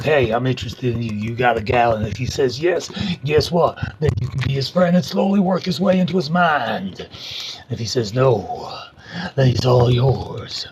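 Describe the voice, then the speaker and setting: A man's voice: mid-range voice, background noise. A man hosting a live stream, rambling playfully and doing tarot readings for viewers. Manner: playful, rambling, self-mocking.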